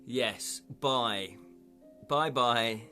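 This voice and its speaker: A man's voice: medium pitch, very slow, pushed and bright. Give me a chatty man reading an adventure gamebook live to his viewers, with faint music in the background. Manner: chatty, laughs often, reacts to viewers' comments. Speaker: livestream host reading a gamebook.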